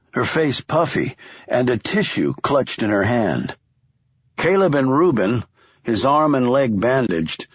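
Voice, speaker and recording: Male thriller narrator, husky, lively intonation, dry booth sound. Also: mid-range voice, no echo, highs cut off. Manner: expressive, measured storytelling. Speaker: audiobook narrator.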